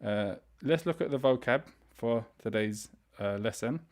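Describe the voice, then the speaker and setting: A man teaching an online beginner's language class, explaining grammar step by step and reading vocabulary slowly for students to repeat. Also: mid-range voice, animated. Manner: explains step by step, reads words slowly for repetition; frequent fillers and restarts, conversational. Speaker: Arabic teacher.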